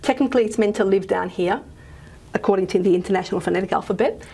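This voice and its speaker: A woman's voice: medium pitch, fast talker, darkish tone, husky. A woman with an Australian accent teaches a phonetics lecture. She talks in a loose, informal way, with plenty of fillers and self-corrections as she goes. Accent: Australian English. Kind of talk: recorded lecture.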